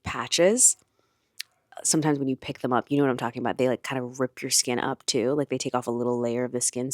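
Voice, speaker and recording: A woman vlogger telling a story in a chatty, animated way, full of fillers and acted-out quotes. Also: a bass voice, no room sound, clean studio sound. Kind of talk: casual storytelling to camera.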